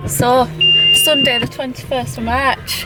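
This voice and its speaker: A woman chatting casually to camera in a vlog, emotional and quick to laugh, with lots of "like"s. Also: sits high, heavy background noise. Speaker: vlogger.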